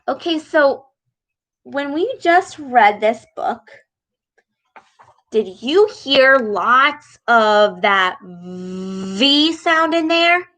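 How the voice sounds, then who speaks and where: A woman reading a storybook aloud to young children and teaching a speech sound, talking in a slow, exaggerated, encouraging way. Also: high-pitched, lively intonation, fairly bright tone.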